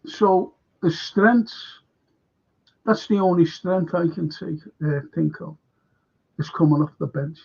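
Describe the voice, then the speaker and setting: Slow, gravelly, and husky, this man's voice sits on the high side with a darkish tone. As host of a fan football show, he rants angrily in a talk-show monologue, swearing constantly and repeating himself, all in dull lo-fi sound.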